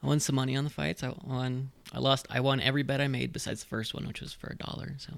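A man's voice: mid-range voice, level tone, fast talker, vocal fry, a bit bright, dry recording. A man in casual chat, rambling and loose, swearing often as he recaps fights.

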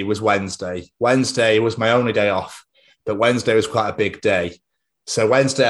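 A young man telling stories on a podcast with a lowish voice. He chats casually and excitedly, swearing freely as he goes. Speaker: podcast co-host. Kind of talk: casual chat.

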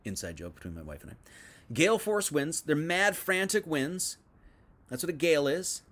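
A man preaching a loose, conversational sermon, his fairly high voice jumping between forceful emphasis and quiet, dropped asides. He reads old scripture lines and then retells them in plain modern talk. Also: moderate pace. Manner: reads scripture then paraphrases it in casual speech; animated, swinging between loud and hushed. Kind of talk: informal livestream sermon.

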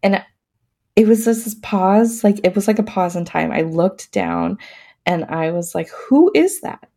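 A woman recounts a personal story as an interview guest, in a relaxed, chatty way full of fillers and laughs. Her voice is warm and mellow, with a gravelly fry at the ends of phrases. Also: on the low side, a little slow. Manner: laughs often while talking; casual, many fillers. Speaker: podcast guest.

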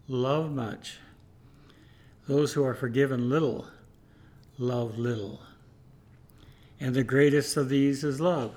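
A man preaching a sermon, telling a story in a measured, rhythmic way. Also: fairly high pitch. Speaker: pastor.

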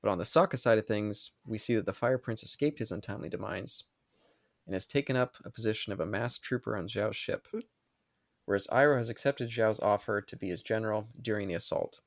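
A man's voice: fairly low pitch, fairly quick, dry recording. Tipsy man reading a recap, dry sound. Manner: stumbling, restarting and swearing at his own slips. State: tipsy from wine. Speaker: podcast host. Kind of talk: reading an episode recap on a podcast.

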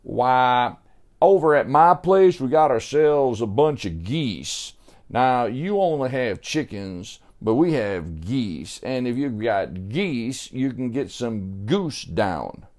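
A friendly, old-fashioned farmer from a children's storybook, explaining in a folksy, homespun way. He speaks at an unhurried pace. A man plays him, raising his voice a bit. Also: medium pitch, lively intonation, darkish tone. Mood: eager.

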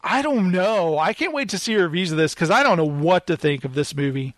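A playful man with a high, lively voice, hosting a casual movie chat and giggling between lines. The sound is dry and close, with no room around it. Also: brisk, dry recording. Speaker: podcast host.

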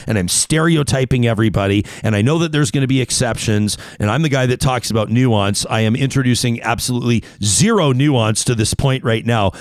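A man hosting a talk radio show, opinionated and animated, talking in quick asides with his co-hosts. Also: mid-range voice, no room sound. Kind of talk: casual talk radio banter and ad reads.

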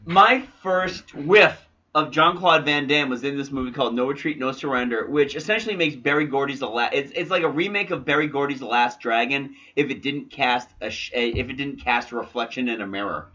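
Brief: man hosting a movie podcast, wisecracking, forceful tone, muffled recording. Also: medium pitch, fairly quick, hardly any pauses. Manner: wisecracking, crude. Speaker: podcast host. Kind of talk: casual movie chat.

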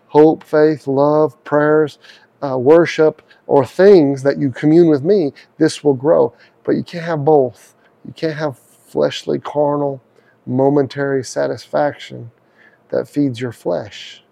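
A middle-aged man delivers a radio sermon in a gravelly, mellow voice. He talks earnestly and conversationally, acting out heartfelt prayers aloud. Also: a little high, fairly even intonation, slow. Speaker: radio preacher.

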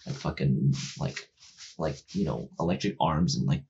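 A man in casual chat retelling a video game story, rambling and profane, with many fillers, acting out the characters' lines and getting loud and excited when he makes a point. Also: a bass voice, normal speed, vocal fry, muffled recording, a little hiss or hum.

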